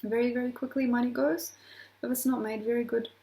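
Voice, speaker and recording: Mellow, gravelly-voiced woman astrologer. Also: a little high, flat delivery, a little fast, poor audio. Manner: rambling, with laughing asides and acted-out quotes. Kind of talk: casual rambling talk to camera.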